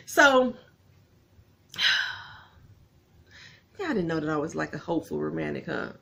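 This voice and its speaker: A woman recapping a TV episode in an animated, chatty way, talking straight to her viewers and getting emotional as she goes. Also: low voice, a little slow, creaky, long pauses. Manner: animated, gets emotional and laughs often; folksy, talks straight to viewers.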